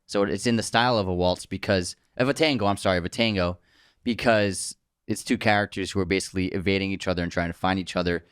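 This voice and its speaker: A man's voice: low-pitched, steady tone, fast talker, clear, resonant tone, dry recording, studio quality. A man co-hosting a casual film podcast, adding side remarks and trivia. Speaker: podcast co-host.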